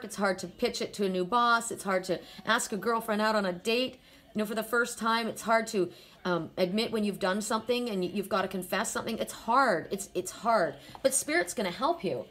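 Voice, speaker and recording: A woman's voice: medium pitch, fairly bright tone. A woman reading oracle cards in a casual spiritual chat, laughing easily and talking straight to the viewer. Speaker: oracle card reader.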